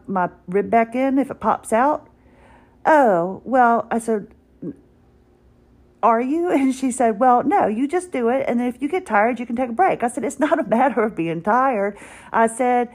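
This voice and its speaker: A woman hosting a podcast, chatting casually and wryly about her day and retelling conversations line by line. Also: a little high. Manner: chatty, wry, retells dialogue with "I said". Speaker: podcast host. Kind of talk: casual personal storytelling. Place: at home, doing exercises while talking.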